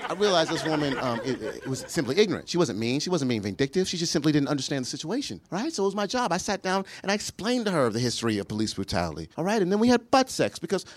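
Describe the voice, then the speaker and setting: A man's voice: fairly high pitch, sing-song, quick pace, hardly any pauses. A man doing profane crowd-work stand-up on a comedy club stage, brash and teasing. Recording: live club with loud crowd noise.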